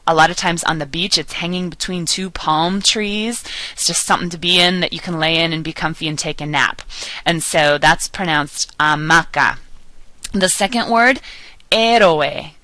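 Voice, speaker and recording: A woman's voice: lowish voice, a little fast, pushed and bright, no echo, rough recording. A woman teaching a recorded pronunciation lesson, patiently drawing out and repeating each model word. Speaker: Spanish teacher.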